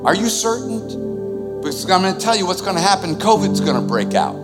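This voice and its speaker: A man preaching, voicing Jesus as a calm teacher questioning his followers. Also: high voice, brisk, big-room sound, loud music behind the voice, voice pushed up. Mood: probing.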